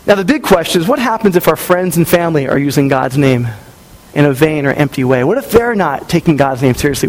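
A male pastor in his thirties delivers a sermon with a notably high-pitched voice. He speaks in a relaxed, conversational way and slips into the voices of people in his stories. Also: rough recording. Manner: conversational, storytelling with acted-out quotes.

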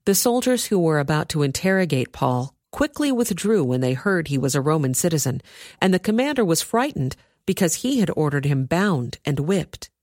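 Woman reader, lowish voice, dry close sound, steady scripture reading. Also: dry recording. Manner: steady, measured storytelling.

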